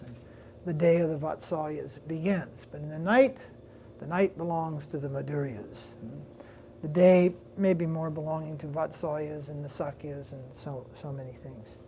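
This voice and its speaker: A man's voice: fairly high pitch, fairly even intonation, normal speed, dark tone, a little hiss or hum. A man, a swami, giving a devotional class, retelling a story in a loose, conversational way with restarts and asides to his listeners. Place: lecture room with listeners.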